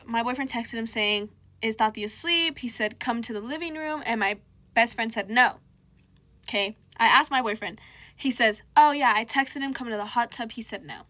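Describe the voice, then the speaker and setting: Young woman, bright and high-ish, casual storytime with slangy drama. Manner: chatty, dramatic, slangy retelling.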